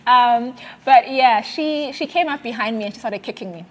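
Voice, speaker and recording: Speaking in a voice on the high side, a South African woman gives an earnest personal faith testimony during a conversation. She hesitates often, restarting sentences and using many fillers.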